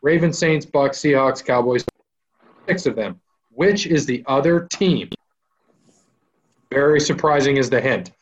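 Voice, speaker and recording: A man hosting a casual sports trivia game on a podcast, running the rounds briskly and upbeat. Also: medium pitch, lo-fi sound. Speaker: trivia quiz host.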